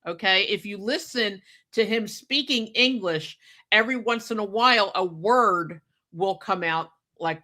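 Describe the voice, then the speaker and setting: A woman hosting a podcast, talking in an easy, chatty way. Her voice has a bright, forceful edge, and she presses her points hard, often asking "okay?" before moving on. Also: medium pitch. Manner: emphatic, chatty, keeps adding "okay?". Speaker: podcast host. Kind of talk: casual podcast chat.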